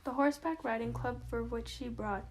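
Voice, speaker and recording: A woman's voice: fairly high pitch, normal speed, slight background noise, natural voice, rough recording. A woman voicing a tired, dry, plain-spoken young wife in an amateur play reading.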